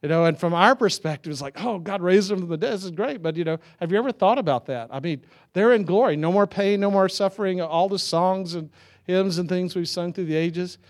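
A man's voice: sits high, fairly quick. A middle-aged man preaching a sermon, telling stories in a loose, conversational way with chuckles and restarts. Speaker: pastor.

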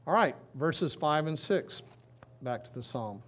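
A man's voice: a little high, animated, unhurried, a bit bright. A man preaching a sermon in a conversational way, reading scripture aloud and then talking it through. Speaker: pastor.

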